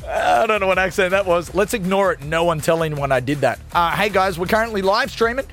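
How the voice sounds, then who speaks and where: A man's voice: sits high, fairly quick, fairly bright tone, faint music behind. A man hosting a radio show, talking in jokey, self-mocking, hyped patter. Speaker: radio host.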